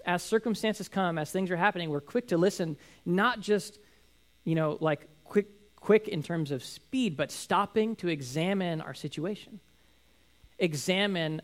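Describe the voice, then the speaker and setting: A man in his thirties giving a casual, conversational sermon, telling family stories with acted-out quotes. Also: sits high. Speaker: pastor.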